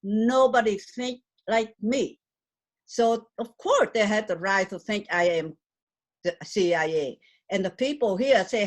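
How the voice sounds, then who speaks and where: A woman's voice: a little high, unhurried. Earnest older Vietnamese-accented woman. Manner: earnest, emphatic, broken English. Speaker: interviewee. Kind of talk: conversational interview.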